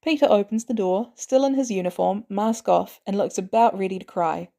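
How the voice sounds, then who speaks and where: Gravelly-voiced woman reading a story. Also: medium pitch, moderate pace, dark tone. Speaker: podfic narrator. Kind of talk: fan audiobook reading.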